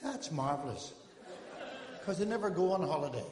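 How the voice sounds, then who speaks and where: A man's voice: on the high side, expressive, heavy background noise. Older man telling stage jokes in echoey hall. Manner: joke-telling with character quotes, rapid patter. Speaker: stand-up comedian. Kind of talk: stand-up routine on stage. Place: live theatre stage with audience. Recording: echoey hall recording, faint ambience.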